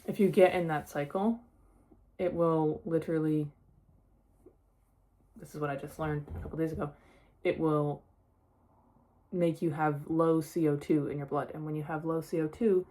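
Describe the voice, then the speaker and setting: A woman's voice: low-pitched, fairly even intonation, normal speed, long pauses, dark tone. A young woman talking casually in a personal vlog, sharing her experience with many "like" fillers. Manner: chatty, lots of "like" fillers. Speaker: vlogger.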